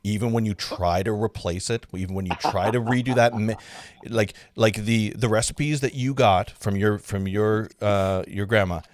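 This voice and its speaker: A man hosting a casual livestream interview, chatting in a relaxed way with frequent fillers. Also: on the low side, moderate pace, slight background noise. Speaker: livestream host.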